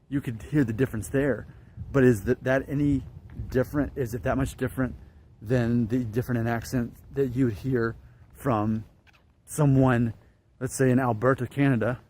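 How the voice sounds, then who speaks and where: Guy in his late 30s from alabama just thinking out loud to camera, mid pitch, bit of faint noise. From northern Alabama, United States. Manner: musing, repeats himself, trails off. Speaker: vlogger. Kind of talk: casual monologue to camera.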